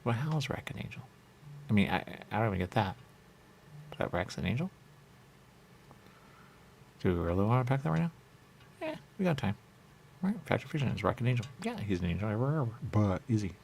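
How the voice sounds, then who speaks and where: A man's voice: on the low side, big pitch swings, quick pace, vocal fry, pauses often, darkish tone, slight background noise. A man hosting a radio talk show, bantering in a rambling, playful way full of repeated wordplay. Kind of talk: loose comedic studio banter. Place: radio studio.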